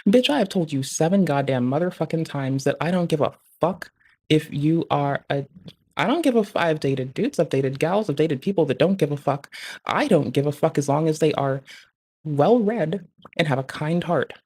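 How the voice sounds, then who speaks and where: A streamer letting off steam on a live stream, talking in a loose, rambling way packed with swearing. The voice sits at an ordinary middle pitch, and the talk jumps from one gripe to the next. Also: moderate pace, darkish tone, slightly rough. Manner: profane, rambling, heavy swearing; frequent filler "like" and "bruh". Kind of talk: casual venting rant.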